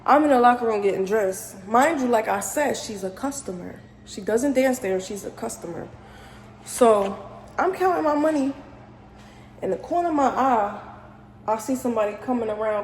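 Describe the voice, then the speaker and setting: A young woman with a New York accent telling a profane, animated storytime, full of slang. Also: a little high, reverberant, long reverb tail, slight background noise, poor audio. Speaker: vlogger. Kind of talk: casual storytime.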